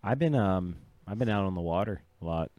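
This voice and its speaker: Podcast co-host, man, low voice, laid-back slang, dry sound. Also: expressive, fairly quick, dark tone, no echo. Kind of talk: casual chat.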